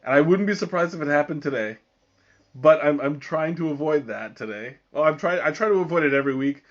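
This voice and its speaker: Hosting a livestreamed tea tasting, a man whose voice sits on the high side chats casually yet keeps pausing mid-sentence to hunt for words, filling gaps and restarting often. The sound is lo-fi.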